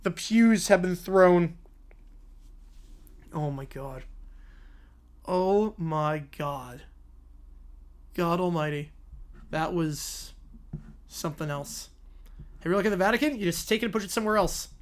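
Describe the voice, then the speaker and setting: A man live-streaming, reading a silly story aloud with playful, animated asides. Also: high-pitched, a little fast.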